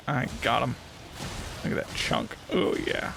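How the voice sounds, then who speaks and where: A man's voice: medium pitch, wildly swooping pitch, slow pace, vocal fry, noisy background. A man streaming a game live, chatting casually and playfully while he plays, often laughing and teasing what happens on screen. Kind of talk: casual live gameplay commentary.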